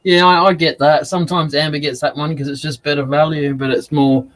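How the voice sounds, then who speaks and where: A man's voice: fairly high pitch, little pitch movement, brisk, fairly bright tone, low-quality recording. A man with an Australian accent, chatting casually and joking on a video call. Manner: joking, laughs often.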